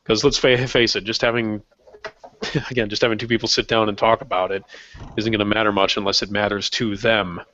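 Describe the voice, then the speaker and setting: A man's voice: on the low side, little pitch movement, a little fast, bright, forceful tone. A man on a podcast panel who speaks in a wry, articulate way. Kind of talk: casual podcast chat. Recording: dull lo-fi call with faint noise.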